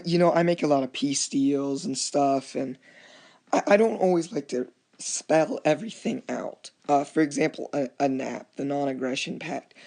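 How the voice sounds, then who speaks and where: Gravelly man recapping a strategy game. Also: medium pitch, darkish tone. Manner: rambling, restarts often, acts out quoted chats. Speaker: gameplay commentator. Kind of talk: casual game commentary.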